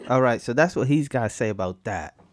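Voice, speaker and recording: Animated laughing podcast host, a man. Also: medium pitch, brisk, no echo. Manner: laughing, slangy and animated while reacting to clips. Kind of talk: casual podcast chat.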